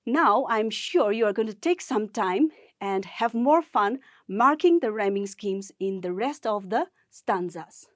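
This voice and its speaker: A woman teacher from Nagaland, India, leading a gamified poetry lesson for school students in a slow, encouraging way. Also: mid-range voice, expressive, no echo, studio quality. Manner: encouraging, speaks slowly and deliberately to learners.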